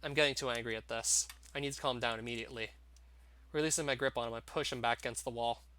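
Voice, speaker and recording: A man's voice: medium pitch, fairly even intonation, fast, pushed and bright. A man reading a visual novel aloud in a dramatic first-person narration. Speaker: game narrator, YouTuber.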